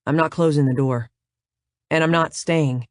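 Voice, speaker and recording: A woman's voice: low-pitched, steady tone, normal speed, no room sound, studio quality, natural voice. Woman doing a curt, irritated man. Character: blunt, irritated grown man.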